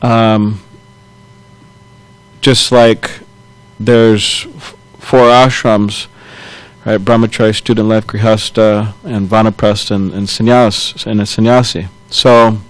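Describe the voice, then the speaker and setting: A man giving a scripture class, retelling a story in a loose, halting way with frequent chuckles and self-corrections. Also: fairly low pitch, little pitch movement, low-quality recording. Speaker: temple class speaker.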